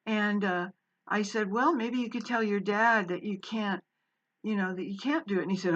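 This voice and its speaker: A woman's voice: medium pitch, a little slow, fairly bright tone, dull audio. A woman and former college English teacher telling a personal story in a casual, meandering way, with many fillers and restarts.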